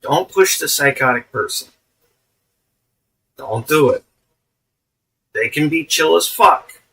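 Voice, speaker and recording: A man's voice: on the high side, lively intonation, slow pace, pushed and bright, slightly rough, recorded from a distance, rough recording. A man giving casual, profane commentary on a live stream, laughing often.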